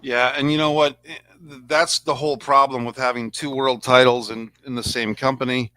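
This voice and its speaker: A man's voice: medium pitch, flat delivery, normal speed, bright, forceful tone, no room sound. A man hosting a casual review chat, rambling and sarcastic as he talks things through. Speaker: podcast host.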